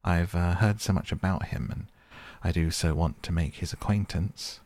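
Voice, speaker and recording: A man's voice: deep voice, normal speed, darkish tone, no echo. A man voicing a small, earnest male mole who speaks cautiously and soothingly in a storybook reading. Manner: cautious, soothing, eager to please.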